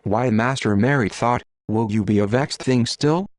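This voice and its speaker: A male text-to-speech voice reading the part of a scolding middle-aged wife and mother, in a flat machine delivery. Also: medium pitch, moderate pace, no echo, lightly acted. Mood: nagging.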